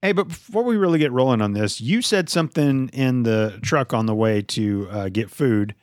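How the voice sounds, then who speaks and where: Blunt, animated man co-hosting a podcast. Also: mid-range voice, moderate pace, no echo, clean studio sound. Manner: blunt, sarcastic, swears freely. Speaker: podcast co-host. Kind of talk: casual movie review chat.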